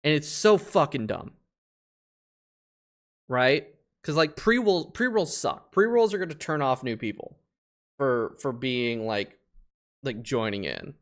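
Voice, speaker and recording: A man streaming a space game, talking casually over his play, swearing a lot and getting loudly frustrated. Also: medium pitch, expressive, a little slow, pauses often. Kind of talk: casual live-stream gameplay commentary.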